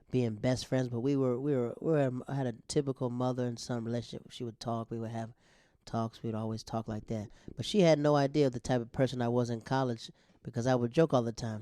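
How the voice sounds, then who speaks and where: A stand-up comedian and podcast host with a medium-pitched, dark voice tells family stories in a loose, casual monologue, chuckling as he goes. He talks like a comic on stage, laughing often and acting out his relatives' voices. The recording is dry and close, with no room sound.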